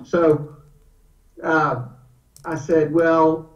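Animated man on an echoey distant mic. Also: a little high, drawn-out words. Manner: animated storyteller, acts out quotes. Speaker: guest. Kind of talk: casual conversation. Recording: echoey, distant, dull lo-fi sound.

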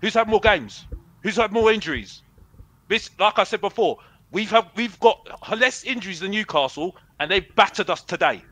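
A man argues hard on a football fan show, brash and boastful, circling back to the same points. His voice sits high and sounds bright and forceful. The sound is dry and close. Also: lively intonation, normal speed, no echo, poor audio. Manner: brash, boastful, repeats himself, calls himself Mister Box Office. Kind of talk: heated fan debate.

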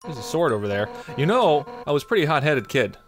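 A brash, hot-headed fish-woman warrior captain, as a man puts her on, loud and eager in a raised, lively voice. She swings up and down in pitch as she boasts and rambles. Game music plays steadily behind. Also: quick pace. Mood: boastful.

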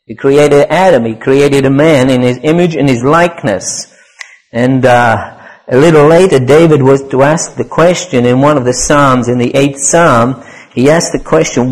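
A man's voice: mid-range voice, rough recording. A man preaching a sermon, explaining Hebrew words and quoting scripture, repeating key phrases for emphasis. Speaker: pastor.

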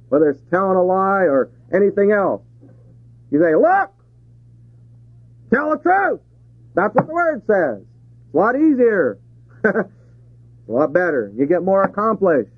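A man's voice: fairly high pitch, no room sound. A man preaching a sermon to a congregation, asking rhetorical questions and chuckling between points. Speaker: pastor. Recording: tinny phone-like 1970s tape.

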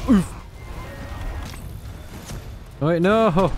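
A man's voice: fairly high pitch, unhurried, faint music behind. A young man commenting on his own gameplay, exasperated and cursing often as he talks to himself. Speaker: gamer.

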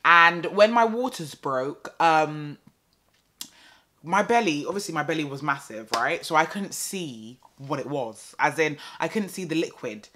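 A young woman telling a story casually to camera, chatty and animated with lots of fillers and repeats. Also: low voice, a little slow. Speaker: vlogger.

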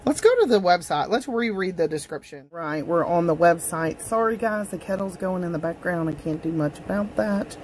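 A woman's voice: lowish voice, moderate pace, hardly any pauses, darkish tone, a little hiss or hum. A woman chatting casually at her home desk in a tea review vlog, gushing and talking straight to her viewers. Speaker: tea vlogger.

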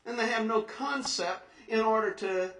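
Man, preacher, high voice, earnest, emphatic questions, roomy church echo. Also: pushed and bright, far from the mic. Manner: earnest, rising emphatic questions, slows to stress scripture. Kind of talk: sermon. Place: church sanctuary. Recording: echoey church recorded from afar.

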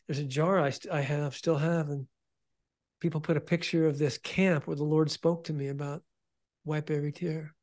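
A man telling an emotional testimony about starting his ministry, earnest, often restarting and repeating words, dropping to a hush when quoting. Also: on the high side. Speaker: ministry founder and guest.

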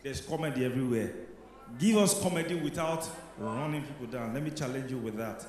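A man judging a talent show, giving measured, encouraging feedback. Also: mid-range voice, a little mellow. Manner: measured, encouraging, with frequent "you know". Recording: very echoey hall with long reverb.

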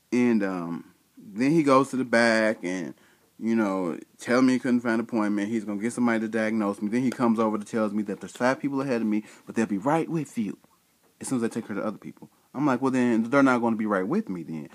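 A man telling a story in a casual vlog rant, exasperated and slangy, acting out bits of dialogue. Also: mid-range voice. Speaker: vlogger.

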